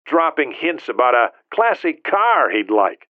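A man voicing a calm, matter-of-fact male operations chief speaking on a phone line in an audiobook. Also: medium pitch, measured pace, voice pushed up. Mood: businesslike. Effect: phone filter. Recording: narrow tinny phone line.

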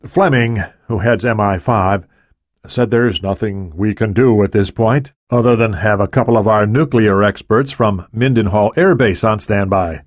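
A man's voice: lowish voice, moderate pace, no room sound, clean studio sound, close to an everyday voice. A man voicing a matter-of-fact male spy official in an audiobook.

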